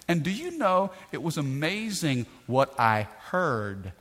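Bright-voiced man preaching with sweeping dynamics. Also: a little high, sing-song, slow, hardly any pauses. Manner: dynamic preacher, swings from hushed to loud, calls to congregation. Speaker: pastor. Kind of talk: sermon.

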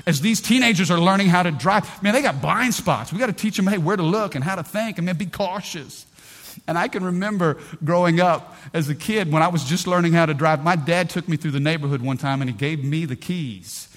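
Animated pastor, a man with a higher voice. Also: brisk. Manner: animated storytelling, swinging between loud bursts and hushed lines; calls out to the congregation. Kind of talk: sermon. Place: church.

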